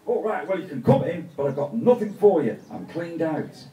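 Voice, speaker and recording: A man's voice: a little high, big pitch swings, normal speed, warm tone, echoey room, low-quality recording. A man doing a broke, exasperated gambler. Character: broke, desperate male gambler Charlie.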